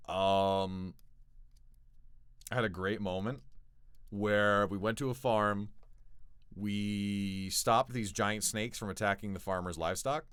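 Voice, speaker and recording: A man streaming live, chatting casually with his chat, jumping from loud excited bursts to low mumbles. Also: clear, resonant tone, dry recording.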